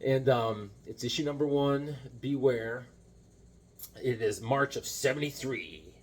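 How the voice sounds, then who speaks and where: A man's voice: mid-range voice, a little slow. A man chatting casually and enthusiastically about his comic finds, rambling and joking as he goes. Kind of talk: casual chat.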